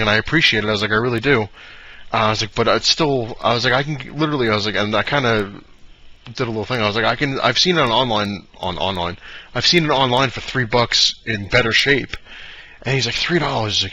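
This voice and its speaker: A young man rattles through a story at a quick clip, his voice bright and forward as he chats to the camera in a casual, rambling way. He keeps acting out the exchange himself, stringing it together with "I was like". The recording sounds dull and lo-fi. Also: medium pitch. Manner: chatty storyteller who keeps repeating "I was like". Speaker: comic collector vlogger. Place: home with pets around.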